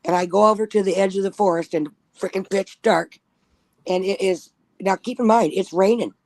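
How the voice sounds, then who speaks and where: A woman's voice: medium pitch, fairly even intonation, normal speed, a little mellow, dry recording. A woman telling a spooky personal story in casual chat, blunt and profane. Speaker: guest storyteller.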